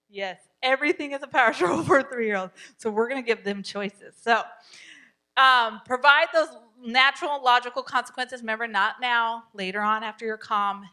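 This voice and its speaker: A woman's voice: fairly high pitch, bright, forceful tone. Encouraging woman teaching a parenting class. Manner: encouraging, repeats key points, laughs often. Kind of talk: live parenting class talk. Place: church.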